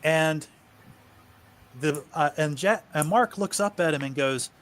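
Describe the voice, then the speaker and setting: A man narrating a tabletop game as game master, with slow, deliberate delivery. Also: fairly high pitch, fairly bright tone.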